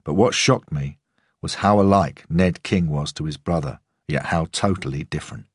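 A man narrating a first-person audiobook in a measured, understated way. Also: very deep voice, husky, no room sound, studio quality.

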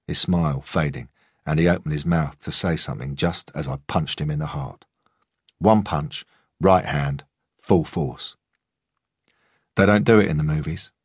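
A man reading a first-person story aloud in a calm, measured way. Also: deep voice, breathy edge, no room sound, clean studio sound. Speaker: audiobook narrator. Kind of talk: first-person audiobook narration.

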